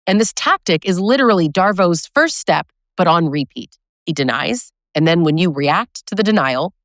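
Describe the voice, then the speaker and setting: A woman's voice: lowish voice, dry recording, clean studio sound. A woman educator talking straight to her viewers, emphatic and coaching, often tagging her points with "right?". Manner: emphatic, keeps adding "right?"; direct, coaching tone. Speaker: abusive relationship educator. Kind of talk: direct-to-camera talk.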